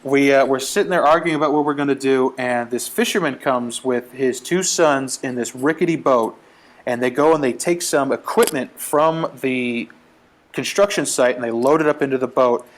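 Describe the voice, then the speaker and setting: A man's voice: mid-range voice, normal speed. A man casually telling a comic travel story, acting out the quotes as he goes. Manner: animated, acts out quotes. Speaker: guest storyteller.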